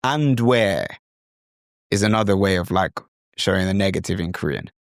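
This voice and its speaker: A man's voice: low voice, lively intonation, moderate pace, creaky, no room sound, studio quality. A man from Britain with a British accent, hosting a podcast as a language coach. He explains with enthusiasm and often slips into imitations of other accents. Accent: British English. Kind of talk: instructional talk.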